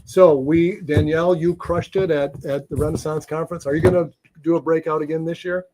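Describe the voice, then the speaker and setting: A man's voice: a little high, steady tone, brisk, noisy background. A man from Michigan hosting a live webinar interview over a video call, upbeat and effusive with praise. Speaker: host.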